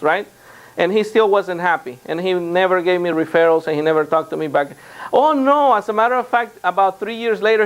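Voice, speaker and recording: A man, a real estate trainer, telling anecdotes to a live seminar audience and acting out what others said. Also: high-pitched. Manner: animated anecdotes with quoted dialogue. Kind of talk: storytelling seminar talk.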